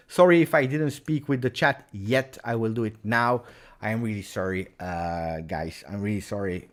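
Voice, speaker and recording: A man's voice: lowish voice, moderate pace. Agitated man ranting. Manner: agitated, emphatic, repeats points. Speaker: football channel host. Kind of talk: live post-match reaction stream.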